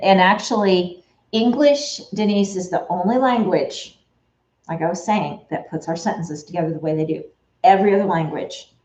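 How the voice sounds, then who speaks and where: A woman in casual conversation who rambles from point to point, picking up fillers and restarting sentences as she goes. Her voice sits a little low and sounds mellow. It comes through in an echoey room on a somewhat dull, lo-fi recording. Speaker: Etsy shop owner. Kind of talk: casual chat while working.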